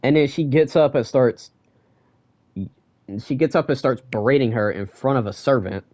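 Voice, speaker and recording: A young man giving a casual manga chapter review, ranting and excitable and full of slang. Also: mid-range voice, moderate pace, no room sound.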